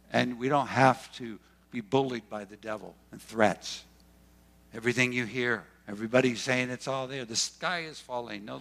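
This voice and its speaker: A man's voice: vocal fry, a bit bright. A man preaching a sermon as pastor, repeating phrases and swinging his voice up and down for emphasis. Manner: preaching with emphatic repetition and sudden pitch swings.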